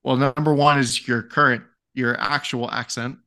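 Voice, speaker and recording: Wry, teasing man with a bright voice. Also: medium pitch, fairly even intonation, normal speed. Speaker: podcast co-host. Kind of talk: casual sports chat.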